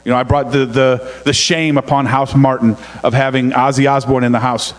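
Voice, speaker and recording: A man's voice: mid-range voice, little pitch movement, a little fast, big-room sound. A middle-aged man telling family stories in a casual, joking sermon, poking fun at himself. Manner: joking, self-mocking, chatty. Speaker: pastor's son, co-preacher.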